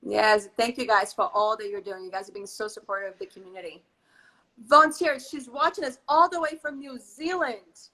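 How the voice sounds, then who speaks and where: A high-pitched woman hosts a live baking stream over a video call. Her voice is bright and forceful, and she gushes as she reads out viewers' comments. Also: fairly quick, low-quality recording. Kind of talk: casual live-stream chat.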